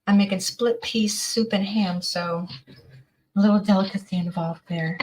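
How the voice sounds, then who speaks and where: A woman's voice: mid-range voice, steady tone, measured pace, pauses often, poor audio. A middle-aged woman chatting casually as she gives a tarot reading on a livestream, folksy and exclamatory. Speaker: tarot reader.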